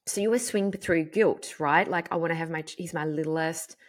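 A woman in her thirties with a notably low-pitched voice. She talks frankly and animatedly, dropping the odd swear word and filler as she hosts her podcast. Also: moderate pace. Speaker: podcast host. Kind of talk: candid personal monologue.

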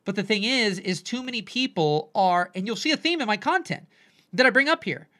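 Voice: mid-range voice, expressive, a little fast, bright, forceful tone. A podcast host and coach talking animatedly in a solo monologue, often dropping into quoted voices and asking "right?".

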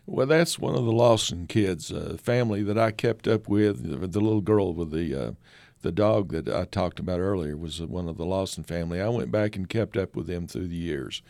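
A man's voice: sits low, expressive, normal speed, vocal fry, a little mellow, dry recording. An older man, a photographer, telling folksy stories as a guest in a conversation. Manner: folksy, anecdotal, many fillers. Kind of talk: storytelling in conversation.

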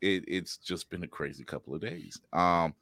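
A middle-aged man hosting a casual podcast chat, animated and laughing, acting out quotes in playful voices. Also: deep voice, moderate pace, no echo. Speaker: podcast host.

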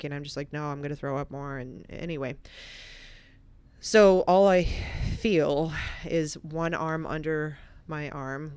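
A woman guest on a podcast, telling a personal story in casual chat, animated at moments and quiet and reflective at others. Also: low-pitched, smooth.

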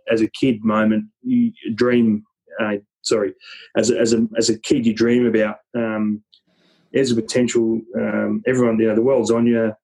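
A man's voice: lowish voice, darkish tone, slightly rough, poor audio. An Australian man, an interview guest, telling a story in a casual, rambling way with many restarts.

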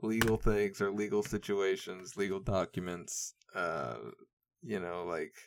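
Over slight background noise, a deep, steady male voice takes its time. He's a young podcast host chatting solo in a loose, rambling way, full of profanity and frequent laughter.

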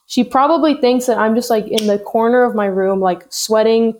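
A woman's voice: a little high, normal speed, darkish tone, slight background noise. A young woman who is a guest on a podcast, chatting casually in a wry, self-mocking way and laughing as she talks.

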